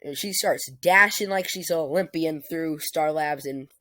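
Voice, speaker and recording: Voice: medium pitch, a little slow, sharp tone, no echo. A young adult improvising a fan story, rambling with many fillers and restarts.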